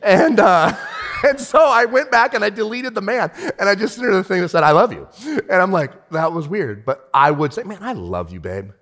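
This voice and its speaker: Animated preaching man in a reverberant hall. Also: sits high, moderate pace. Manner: animated, shifts from shouting to hushed. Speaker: pastor. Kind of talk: sermon.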